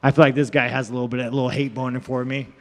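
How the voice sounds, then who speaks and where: Fielding questions from the media in a large hall, a fighter speaks very fast in a medium-pitched voice with little pitch movement. He comes across as brash and profane, rambling and cracking jokes.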